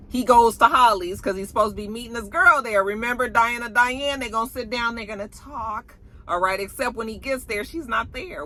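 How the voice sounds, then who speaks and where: A woman's voice: mid-range voice, pushed and bright, a little hiss or hum. A woman chatting through a TV episode recap in a sassy, gossipy way, calling listeners honey and child. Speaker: TV episode reviewer. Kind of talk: casual recap chat.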